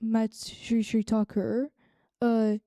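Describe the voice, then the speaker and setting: A woman answering a question in a group, hesitant and halting, with many fillers. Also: on the high side, flat delivery, dark tone, no room sound. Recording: dry phone-like call audio.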